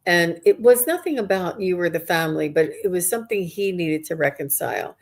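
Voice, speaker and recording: A woman's voice: fairly low pitch, animated, fairly quick, creaky. A woman working as a psychic medium, giving a live reading to viewers in an earnest, rambling way with many restarts.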